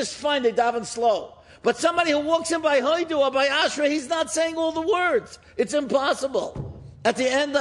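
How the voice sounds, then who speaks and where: A man, a rabbi, giving a storytelling sermon in an animated way, often rising for emphasis. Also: extremely high pitch. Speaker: rabbi and speaker.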